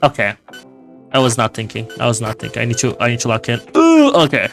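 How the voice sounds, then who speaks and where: Reactive streamer man with lively pitch. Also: quick pace, vocal fry, faint music behind. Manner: reactive, swears at the game, laughs often. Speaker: podcast host and streamer. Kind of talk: casual live gameplay chat.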